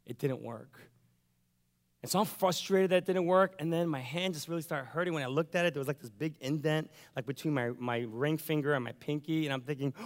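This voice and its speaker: A man's voice: fairly high pitch, fairly quick, big-room sound. A pastor telling a personal story in a sermon, acting out his own thoughts and the lines of others as he goes.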